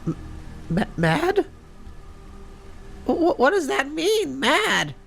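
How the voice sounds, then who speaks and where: Guy doing a jittery high stammering robot sun, gravelly edge, voice jumping all over. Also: huge pitch swings, slow, a bit bright, faint music behind, full character voice. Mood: panicked. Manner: stammering, panicky. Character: anxious stuttering male animatronic sun. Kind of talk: fan animation voice acting.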